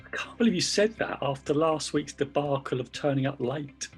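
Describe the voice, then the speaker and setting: A man's voice: on the high side, moderate pace, soft background music. A man co-hosting a podcast, chatting casually and cheering the others on with enthusiasm. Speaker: podcast co-host.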